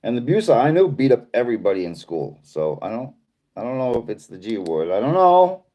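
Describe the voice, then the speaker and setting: A man's voice: medium pitch, very animated, fairly quick, dark tone. Laid-back Boston man chatting on a livestream. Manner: rambling, laid-back, reads viewer comments aloud. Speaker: livestream host. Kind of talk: casual livestream chat reading comments.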